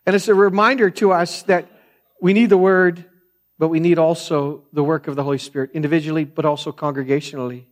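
A middle-aged man preaches in a casual, storytelling sermon style. He drifts into side points and keeps calling his listeners "man". His voice sits a little on the high side. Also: fairly even intonation, brisk. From France. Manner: chatty, digressive, says "man" a lot. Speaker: pastor.

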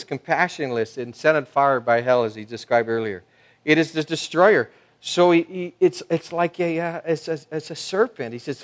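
A man preaching a sermon as pastor, talking conversationally with many fillers and restarts, swinging between soft asides and loud emphasis. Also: mid-range voice.

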